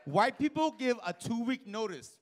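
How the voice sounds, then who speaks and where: High, lively comedian working a club crowd. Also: male voice, moderate pace. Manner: animated, profane, acts out characters in loud bursts. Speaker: stand-up comedian. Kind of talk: live stand-up with crowd work.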